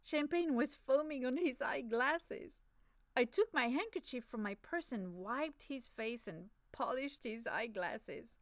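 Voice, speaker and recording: A woman narrating a first-person story for an audiobook, soft, measured and intimate. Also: sits high, no room sound.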